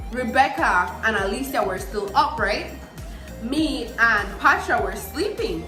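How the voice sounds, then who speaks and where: A young woman with a Belizean accent tells a funny story in a casual vlog, animated, emphatic and often laughing. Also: high voice. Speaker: vlogger. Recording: echoey room with faint music.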